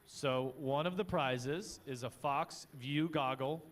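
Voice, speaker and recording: Male co-host, mid-pitched, laid-back teasing chat outdoors. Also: slow, slight background noise. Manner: easygoing, teasing, many fillers. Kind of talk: live paddock broadcast chat. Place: outdoor motocross paddock.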